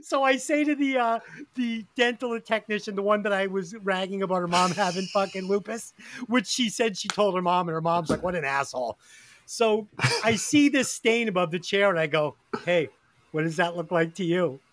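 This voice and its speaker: A man's voice: high voice, moderate pace, no echo. A man hosting a podcast, telling crude stories with heavy swearing and reviewing an album. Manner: profane, animated storytelling. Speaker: podcast host.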